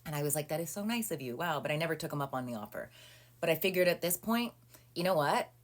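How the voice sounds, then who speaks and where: A woman telling a personal story in a casual, chatty monologue, full of fillers and acted-out quotes. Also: fast. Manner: animated, acting out quoted people with rising pitch and volume; chatty with frequent "um" and "like". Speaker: storyteller recounting a personal legal ordeal.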